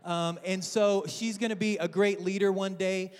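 High-voiced man preaching in a hall. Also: steady tone, moderate pace, smooth. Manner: storytelling, joking with the congregation, acting out family voices. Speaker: guest preacher. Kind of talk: humorous sermon. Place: large church with balcony. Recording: long hall reverb.

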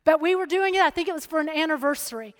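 Lady preaching a sermon, really high voice, big hall echo, tells a story then gets loud and emphatic. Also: rapid-fire. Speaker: speaker at a church or chapel.

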